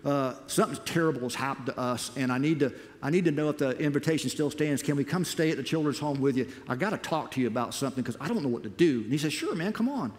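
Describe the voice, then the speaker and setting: With a medium pitch, a quick pace, and few pauses, an American missionary speaker tells his own story in an animated sermon, acting out his past words. He's in a church auditorium, where the big hall adds a long reverb.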